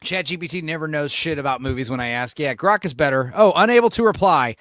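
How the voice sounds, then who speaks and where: A man's voice: a little high, expressive, fast, a bit bright, no room sound, studio quality. A man hosting a casual reaction stream, talking loosely and swearing. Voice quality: swearing, easily frustrated. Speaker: streamer host.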